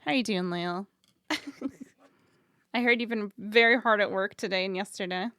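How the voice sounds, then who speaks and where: A woman's voice: mid-range voice, moderate pace, a bit bright, smooth. A woman streamer chatting casually with her viewers, swearing freely and laughing often.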